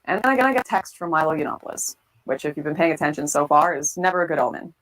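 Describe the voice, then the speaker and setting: Fast-talking woman telling her story. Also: sits low, poor audio. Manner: candid, reflective, lively quoting of others. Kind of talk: storytelling interview.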